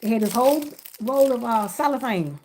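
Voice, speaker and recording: A woman's voice: fairly high pitch, lively intonation, normal speed, background noise. A woman hosting a casual livestream, chatting with viewers by name and laughing often as she wraps gifts. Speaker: livestream host wrapping gift baskets.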